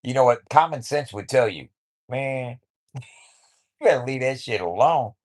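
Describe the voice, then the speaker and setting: A man's voice: mid-range voice, animated, normal speed. A man ranting casually to camera at home, swaggering and taunting with profanity and laughs. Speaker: vlogger. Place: at home with his cat.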